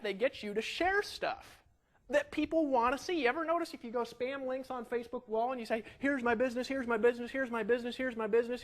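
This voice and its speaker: A man with a high voice gives an energetic marketing webinar from his home setup. He talks in a pushy, animated sales patter and keeps firing rhetorical questions at his viewers. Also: rough recording.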